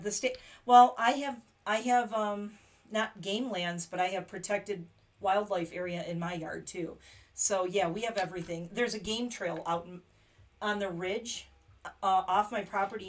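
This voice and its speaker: A middle-aged woman from Pennsylvania, hosting a casual livestream chat, rambling and laughing often. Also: mid-range voice. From Pennsylvania, USA. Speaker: livestream host.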